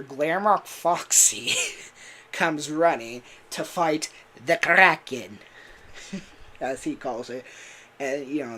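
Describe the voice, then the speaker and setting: Chatting loosely on his livestream, a man who voices characters rambles along with many fillers and laughs. His voice is mid-range and a bit bright.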